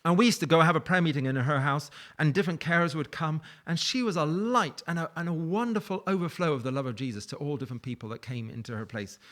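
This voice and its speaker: A man's voice: fairly high pitch, fast, few pauses, a bit bright. A man preaching a sermon in a conversational, storytelling way, with light laughs. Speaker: pastor.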